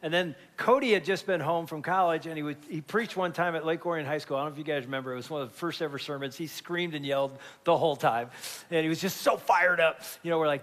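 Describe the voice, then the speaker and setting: A man in his fifties, a grandfather and pastor, tells stories from the stage in a slightly higher-than-usual voice. He talks like he's chatting, and now and then his voice jumps up loud and high. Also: fast. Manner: animated storyteller with sudden loud jumps. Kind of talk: conversational sermon.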